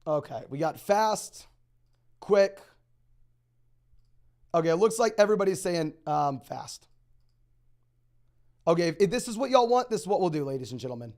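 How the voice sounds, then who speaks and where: A young man hosting a live stream, answering viewer questions in a rapid, auctioneer-like delivery. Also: high-pitched, lively intonation, darkish tone. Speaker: fantasy football host.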